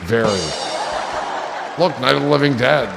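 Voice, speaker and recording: Man, gravelly voice, casual livestream chatter, joking and swearing, reverberant room, music and crowd noise behind. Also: mid-range voice, normal speed.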